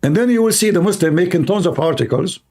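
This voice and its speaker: A man hosting a livestream, speaking sarcastic, mocking broken English and swinging between loud outbursts and exaggerated slow, soft talk. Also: high-pitched, lively intonation. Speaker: livestream host. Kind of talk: livestream debate commentary.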